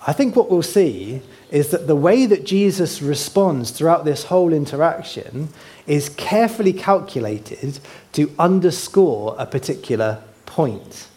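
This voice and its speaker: A man preaching with a slightly high voice, walking his congregation through a map. He talks conversationally and keeps putting questions to the room. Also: lively intonation, a little slow, mellow. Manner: points to a map while teaching. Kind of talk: sermon.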